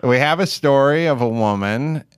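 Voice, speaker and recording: Animated man telling stories. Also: mid-range voice, moderate pace, clear, resonant tone, dry recording, studio quality. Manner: animated storyteller, acts out voices. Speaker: podcast host. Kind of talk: casual comedic chat.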